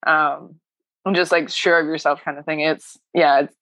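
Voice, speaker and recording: A woman's voice: low voice, fairly even intonation, moderate pace, fairly bright tone, dry recording. A woman talking about her personal growth as a coaching client, emotional and laughing often as she rambles. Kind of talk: casual heartfelt chat.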